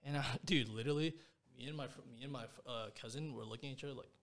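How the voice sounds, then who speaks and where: A man's voice: mid-range voice, racing, a bit bright. A young man, a podcast guest, telling a personal story in a casual, rambling way, full of slang fillers. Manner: slangy, rambling, peppers speech with "bro" and "like".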